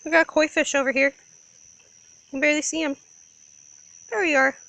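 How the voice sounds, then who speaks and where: A woman's voice: sits high, fairly even intonation, moderate pace, pushed and bright. A woman filming a family fireworks night in a backyard on a phone, narrating to the camera and chatting to a baby. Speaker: vlogger filming. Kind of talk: casual vlog narration.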